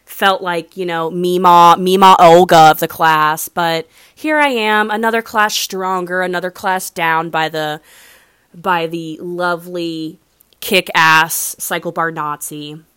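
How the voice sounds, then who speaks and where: A young woman rambles through a personal story in a chatty, animated way, leaning on fillers. Her voice sits a little low for a woman. The recording is close and dry with no room sound. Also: measured pace, clear, resonant tone, no echo. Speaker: vlogger. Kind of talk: casual storytelling monologue.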